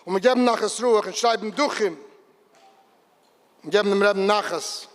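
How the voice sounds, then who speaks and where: High-voiced man telling a story in an echoing hall. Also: normal speed. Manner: lively storytelling, shifts into excited exclamations. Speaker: speaker at a community gathering. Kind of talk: storytelling speech to a gathering. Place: large event hall. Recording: long reverb of a big hall.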